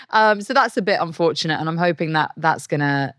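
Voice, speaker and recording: A woman's voice: fairly quick, fairly bright tone, no echo, clean studio sound. A woman speaking English, a voice actress guest telling stories in a casual podcast interview, acting out what people said. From Bulgaria. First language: Bulgarian. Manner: chatty storyteller, acts out quotes with high jumps.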